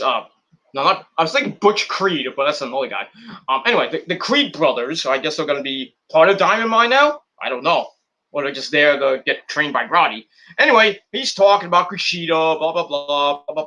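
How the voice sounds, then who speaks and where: A man's voice: fairly high pitch, sharp tone. A man recapping and rating a wrestling show in a rambling, casual vlog, full of crude jokes and swearing.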